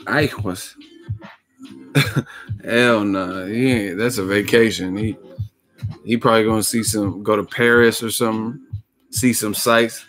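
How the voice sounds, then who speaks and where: A man's voice: lowish voice, steady tone, measured pace, pauses often, fairly bright tone, soft background music. A man hosting a boxing livestream who talks casually, jokes, swears freely and laughs often. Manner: profane, joking, laughs a lot. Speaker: boxing YouTube host.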